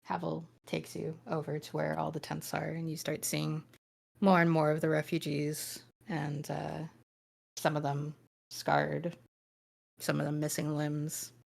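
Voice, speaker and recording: A woman's voice: low voice, monotone, a little slow, creaky, darkish tone. A woman narrating as game master of a tabletop game, rambling with many fillers and restarts.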